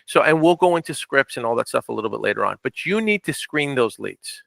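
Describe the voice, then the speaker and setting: A man runs a business training session with a bright, forceful voice. He talks plainly and firmly, hammers his points home with repetition and keeps asking whether his listeners follow. The recording is close and dry. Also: mid-range voice, expressive, a little fast, creaky, no echo. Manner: direct, repeats points, checks in with "okay?". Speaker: real estate investing trainer. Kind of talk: training presentation.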